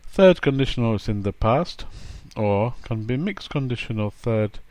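A man's voice: mid-range voice, expressive, moderate pace, darkish tone, dry recording. A man giving a chatty, playful grammar lesson, acting out example sentences. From England. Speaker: English teacher.

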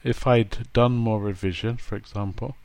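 A man's voice: on the low side, fairly even intonation, normal speed, darkish tone, no echo. A man giving a chatty, playful grammar lesson, acting out example sentences. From England. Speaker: English teacher.

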